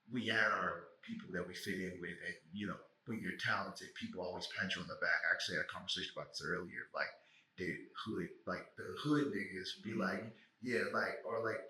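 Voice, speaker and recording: A man hosting a podcast, a doctoral student, talking in a reflective, measured way with some slang. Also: on the low side, sharp tone, slight background noise. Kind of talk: casual conversation. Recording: echoey room.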